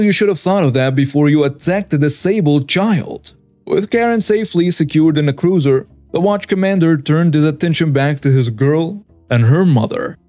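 A man reads a scripted, dramatic story and talks straight to his listeners. His voice sits slightly high and sounds dry and close, with faint music playing under it. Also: a little mellow, no echo. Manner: addresses listeners directly, dramatic telling. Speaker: story narrator.

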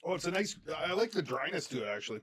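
A man's voice: fairly high pitch, sing-song, quick pace, fairly bright tone, breathy edge. A man mixing drinks on a casual podcast, with a dry, teasing sense of humor. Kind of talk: casual chat.

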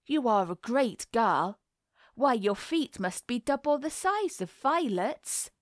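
A woman's voice: on the high side, expressive, takes it slowly, no room sound, clean studio sound. A woman voicing a condescending, affected middle-aged society mother greeting a child in a storybook reading. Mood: patronizing.

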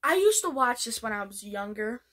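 With a slightly high, sing-song voice that's a bit bright, a woman chats at normal speed in her vlog about how she ranks TV shows. She wanders from point to point and keeps starting over.

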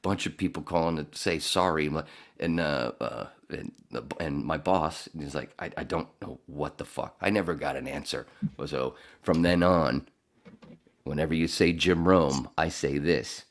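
Man, very deep voice, rambling, profane, casual podcast storytelling, voiceover artist. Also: normal speed, creaky. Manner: rambling, profane, animated when mimicking. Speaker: podcast host telling a story.

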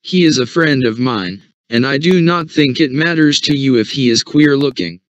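Storybook part: a soft-spoken young female moth, read by a male narrator, pleading and loyal, muffled dry sound. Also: mid-range voice, normal speed, no room sound, close to an everyday voice. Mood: earnest. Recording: dull, dry recording.

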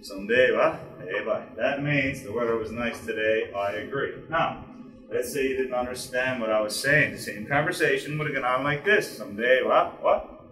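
A man's voice: medium pitch, moderate pace, echoey room, far from the mic, rough recording. A man from Newfoundland with its accent, hosting a comic ceremony at a bar and drilling the crowd in local phrases. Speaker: bar host leading a screech-in ceremony.

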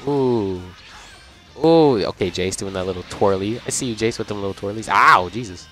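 Low-voiced young man commenting on gameplay. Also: moderate pace. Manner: chatty, reacts out loud, laughs often. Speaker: gaming channel host. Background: game music.

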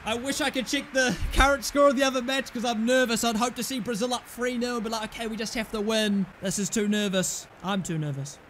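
Young male gamer, high bright voice, excitable live commentary. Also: brisk, few pauses, a little hiss or hum. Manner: excitable, shouts at the game, swings from groans to yelling. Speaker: gaming commentator.

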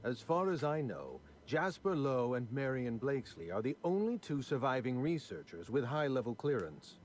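A man's voice: medium pitch, very animated, normal speed, a little hiss or hum, natural voice. An actor playing a prim, numbers-obsessed aristocratic man in video game dialogue, fussy and condescending with precise diction. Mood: dry.

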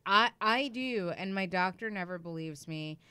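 Animated young woman storyteller, smooth voice, dry studio sound. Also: mid-range voice, normal speed, no echo. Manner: animated, acts out quoted dialogue, heavy use of "like". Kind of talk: casual chat, storytelling.

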